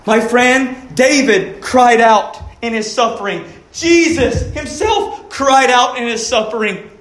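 A man preaches a sermon in a high, earnest voice, pressing his listeners with pleading rhetorical questions. He speaks slowly and deliberately. His words ring out in an echoey church room. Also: a bit bright. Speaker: pastor.

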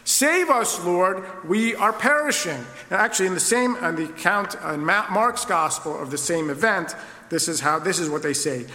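Male pastor, high and bright, expository sermon in a reverberant hall. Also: a little fast. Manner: expository preaching, rhetorical questions.

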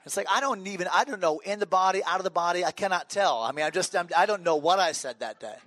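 A man's voice: sits high, expressive, fast talker, a bit bright, no room sound. A middle-aged man preaching a sermon as a pastor, telling stories with humor and frequent restarts. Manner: conversational, humorous storytelling with restarts.

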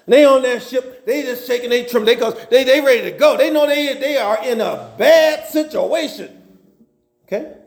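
A man with a very high, gravelly voice preaches in a roomy, echoing church. He retells scripture with folksy humor and loose, animated storytelling. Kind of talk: sermon. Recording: roomy echo.

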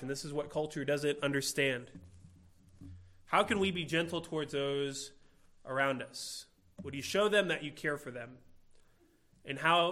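Male preacher, sermon delivery, earnest and emphatic, bright voice, slightly high pitch. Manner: earnest, rhetorical questions, slow emphatic phrasing.

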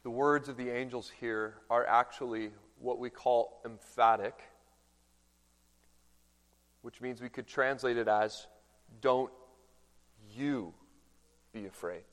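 Slow, dramatic male preacher in reverb. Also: medium pitch, steady tone. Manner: dramatic, swinging from hushed to loud proclamation. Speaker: pastor. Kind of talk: sermon. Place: large church hall. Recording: long church reverb.

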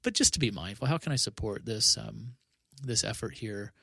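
A pastor talks in a relaxed podcast conversation, his voice low and gravelly. He speaks earnestly, often restarting his phrases and tucking in 'you know', and the sound is close and dry with no room around it. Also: normal speed, no room sound.

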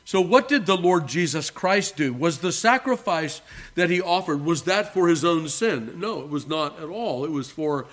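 A male pastor preaching a sermon to his congregation, earnest and emphatic, slowing down on key words and swinging between soft low asides and raised phrases. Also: expressive. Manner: addresses the congregation as beloved. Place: church.

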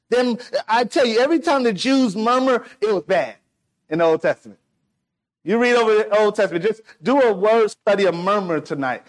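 A man preaching a sermon, animated, swinging between loud declarations and hushed asides, acting out the people in the story. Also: high voice. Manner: acts out quoted voices of people in the story.

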